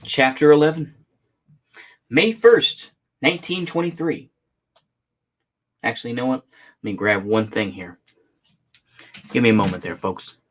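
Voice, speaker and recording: A man reading a memoir aloud in a relaxed, halting way, pausing to fix his misreadings and add casual asides. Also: mid-range voice. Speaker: audiobook reader.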